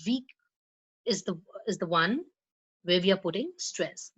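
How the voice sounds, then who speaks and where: A woman with an Indian English accent giving a recorded lecture on spoken English. She explains slowly, with frequent fillers and repeated words, and stresses syllables on purpose when she models pronunciation. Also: lowish voice, lively intonation, a bit bright, husky, poor audio. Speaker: law college English teacher.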